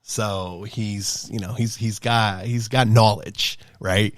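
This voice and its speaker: Man in his thirties, casual podcast storytelling, rambling and animated, lowish voice, dry close sound. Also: slow pace, no room sound. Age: 30s. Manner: rambling, animated, acts out quotes in a high voice. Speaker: podcast host.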